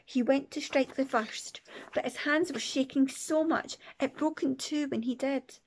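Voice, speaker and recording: A woman teacher reading a children's book aloud with expressive, playful asides. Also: high voice, unhurried, a little hiss or hum. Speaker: primary teacher. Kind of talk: storybook read-aloud.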